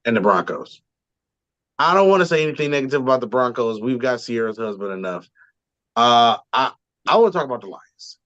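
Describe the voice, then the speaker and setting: A man chatting casually on a sports podcast, his talk full of ums and restarts. The voice sits at a middle pitch, close and dry, with slightly dull, muffled audio. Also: expressive, a little fast, fairly bright tone, no echo. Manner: rambling, frequent ums and restarts. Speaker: podcast co-host.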